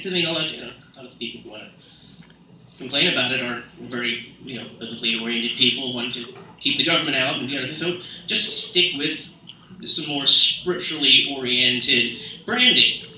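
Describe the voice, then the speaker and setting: Rambling man, bright voice, roomy far mic. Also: fairly high pitch, a little hiss or hum. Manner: rambling, many fillers, slips into put-on British accents. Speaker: comedian. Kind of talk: stand-up comedy set. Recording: roomy sound from a distant mic, faint ambience.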